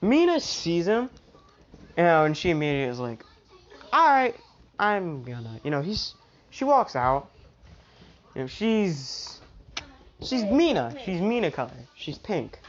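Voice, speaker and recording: A woman's voice: fairly low pitch, sing-song, a little slow, long pauses, a little mellow, highs cut off. A woman improvising a fan-fiction story aloud, rambling with lots of restarts and fillers. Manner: rambling, full of "you know" and restarts.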